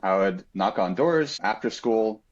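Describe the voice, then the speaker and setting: A man's voice: on the low side, expressive, measured pace, highs cut off. A man telling a personal story on a podcast in an earnest, reflective way, with frequent fillers and restarts.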